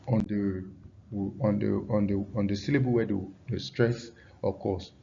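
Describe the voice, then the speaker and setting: A man's voice: mid-range voice, mellow, highs cut off. A man teaching an English pronunciation lesson, often repeating himself and checking in with his students.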